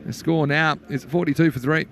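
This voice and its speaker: A man giving live cricket commentary in a chatty way, rising with excitement when a wicket falls. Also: a little high, a little fast, slight background noise.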